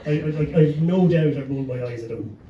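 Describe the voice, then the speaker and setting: A man's voice: on the high side, quick pace, lo-fi sound, crowd noise. Irish man, panel storyteller, sweary and chuckling, distant mic in an echoey room, noisy background. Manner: swears freely, chuckles through his story. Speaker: panelist, gig promoter. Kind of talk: anecdotal storytelling on a live panel. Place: pub venue with a live audience.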